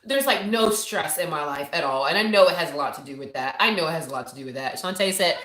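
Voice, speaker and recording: Animated woman chatting in an echoey room. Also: low voice, quick pace. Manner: candid, animated storytelling. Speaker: live show host. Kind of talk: casual chat to viewers. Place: home office.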